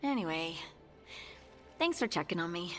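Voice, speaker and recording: An actress voicing a thoughtful young female scout in a video game, speaking quietly and reflectively over faint game music. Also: on the low side, very animated, moderate pace. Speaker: game character.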